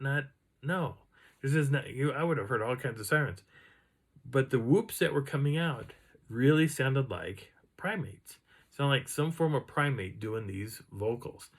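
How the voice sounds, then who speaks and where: A man casually recounting an outdoor encounter in a rambling, animated way, now and then imitating the sounds he heard. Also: medium pitch, slightly rough. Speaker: outdoor storyteller. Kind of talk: casual first-person storytelling.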